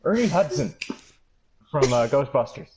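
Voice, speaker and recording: A man's voice: medium pitch, very animated, unhurried, noisy background. A man chatting casually and joking about himself while playing a game with a friend. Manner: joking, self-mocking. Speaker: co-player. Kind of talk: casual gaming chat.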